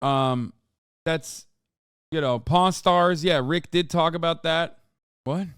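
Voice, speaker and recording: A man's voice: a little high, takes it slowly, fairly bright tone, smooth, dry recording, studio quality. A man in his thirties streaming a casual reaction, incredulous and sarcastic, swearing often.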